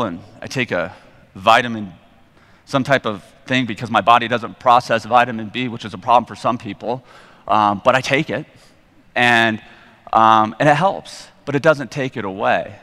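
A man's voice: mid-range voice, sharp tone. A middle-aged man giving a candid, rambling personal testimony from the stage, a bit self-deprecating. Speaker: guest speaker at church. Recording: long reverb in a large hall.

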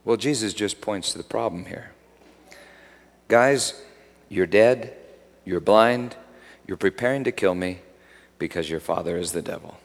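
A man preaching a sermon as pastor, swinging from hushed asides to loud emphatic peaks. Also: deep voice, measured pace, vocal fry, pauses often. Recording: long hall reverb.

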